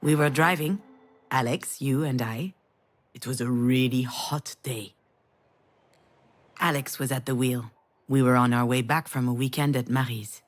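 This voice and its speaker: A woman's voice: extremely low pitch, unhurried, long pauses. An actress playing a mother who recalls a family memory in an intimate, storytelling manner for a game. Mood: nostalgic. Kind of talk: game voice acting.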